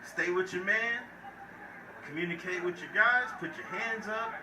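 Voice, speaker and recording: A man's voice: sits high, a little slow. A man doing play-by-play commentary for a college football game, hyped and playful, talking straight to viewers, recorded at a stadium. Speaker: play-by-play announcer. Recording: echoey, distant mic with crowd noise.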